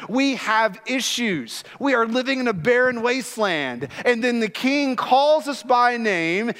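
High-voiced, slow-speaking male pastor preaching an emphatic teaching sermon in a church, long hall echo. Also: fairly bright tone. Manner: emphatic, teaching, acts out quoted scenes.

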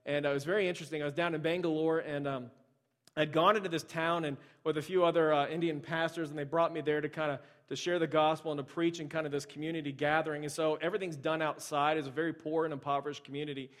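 A man's voice: fairly high pitch, flat delivery, fast talker, fairly bright tone. A male pastor from the United States preaching a casual, conversational sermon, telling stories with lots of fillers and restarts. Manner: storytelling, many fillers and restarts.

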